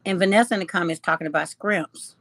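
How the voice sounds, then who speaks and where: A woman's voice: on the low side, quick pace, fairly bright tone, no echo. A woman hosting a casual live chat, reading comments aloud, teasing her viewers and laughing often. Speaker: livestream host.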